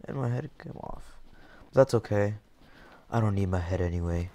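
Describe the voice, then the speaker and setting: A young man giving jokey let's-play commentary over a game, excitable, with sudden yelps and shouts. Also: on the low side, normal speed, pauses often. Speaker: gaming YouTuber.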